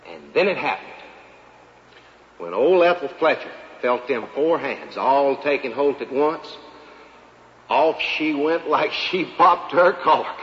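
Folksy storyteller man. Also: fairly high pitch. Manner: folksy drawling storyteller, feigned humility. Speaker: comedian. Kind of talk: live comic monologue. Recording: echoey hall, dull live recording, faint crowd.

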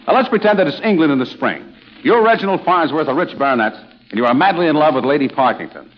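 A man's voice: a little high, expressive, quick pace. A man hosting a 1940s radio comedy, brash and eager, coaching his guest, on a muffled old broadcast.

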